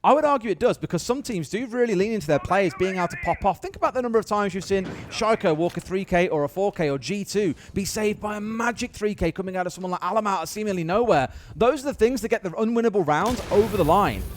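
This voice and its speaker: A man casting an esports match, calling the action play by play and getting excited on big plays. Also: sits high, slight background noise. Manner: fast, excitable, rises to shouts on big plays. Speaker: esports caster. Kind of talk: play-by-play commentary.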